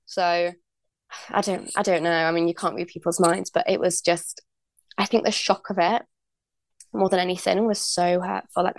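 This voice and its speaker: This young woman's voice sits on the low side, recorded cleanly in a studio without any room sound. Guesting on a podcast, she tells a candid story about herself in a chatty way, heavy on likes and ums, and acts out the dialogue.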